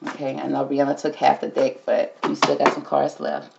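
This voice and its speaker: Woman, tarot reader, chatty, deep voice, dull lo-fi sound. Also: fairly even intonation, fairly quick, gravelly, heavy background noise. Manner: chatty, talks to the cards and calls everyone girl. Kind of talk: casual tarot reading commentary.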